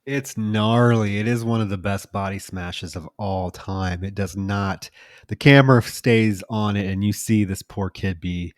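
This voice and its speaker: A man co-hosting a horror movie podcast, recounting scenes in a casual, steady way. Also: fairly low pitch, unhurried, dry recording, studio quality. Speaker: podcast co-host.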